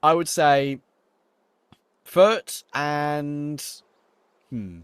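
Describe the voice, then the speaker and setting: A man's voice: a little high, very slow, smooth, no room sound. A young man with a London accent, casually commentating an esports match and chatting with viewers while losing his voice. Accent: London English. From England. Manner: casual, chatty, answers viewer questions between plays. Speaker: esports caster. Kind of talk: solo esports commentary with chat reading. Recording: game sound and gunfire behind the voice.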